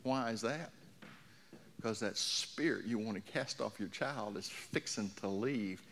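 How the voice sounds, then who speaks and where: A man preaching a sermon in an emphatic, exhorting way that swings between quiet and loud. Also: lowish voice, unhurried, a little hiss or hum.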